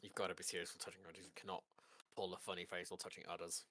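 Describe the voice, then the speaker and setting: A game master narrating a tabletop game, describing scenes in a relaxed, joking way. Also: deep voice, rapid-fire.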